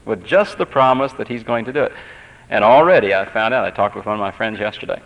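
A man's voice: lowish voice, fast, gravelly. Pastor, male, earnest chatty sermon delivery, muffled lo-fi tape. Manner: earnest, conversational, repeats phrases. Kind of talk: sermon with personal storytelling. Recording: dull lo-fi tape recording.

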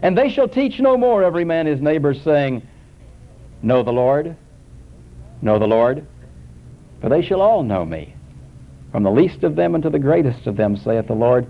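A man preaching a sermon, swinging between soaring emphasis and hushed, low scripture quotations. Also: very animated, normal speed, vocal fry, long pauses. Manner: dramatic rises and drops, quoting scripture in a hushed low voice. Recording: dull lo-fi recording.

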